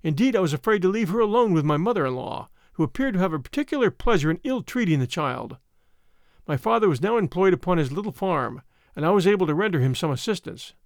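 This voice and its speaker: A man narrating a first-person story in a measured, dramatic way. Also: high voice, lively intonation, no room sound, clean studio sound. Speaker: audiobook narrator.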